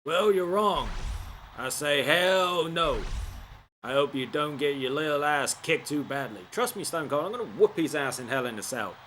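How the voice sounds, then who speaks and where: A man's voice: on the high side, lively intonation, normal speed, fairly bright tone, slight background noise. A man putting on the voice of an ornery male wrestler who barks taunting questions.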